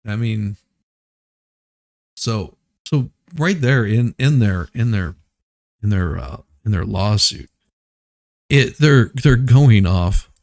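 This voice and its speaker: Gravelly man riffing on the news. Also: on the low side, animated, slow pace, long pauses, a little mellow. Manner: rambling, restarts, laughs at absurd claims. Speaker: host. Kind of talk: casual commentary on news.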